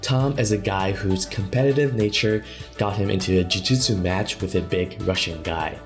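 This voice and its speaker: Male podcast host, very low voice, steady read-aloud intro, faint music underneath. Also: moderate pace. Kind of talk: scripted podcast intro and interview questions.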